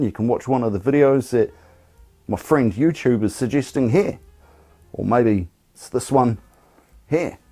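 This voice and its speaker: A man's voice: medium pitch, dark tone. A man giving sarcastic, irreverent commentary on film clips. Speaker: YouTube host.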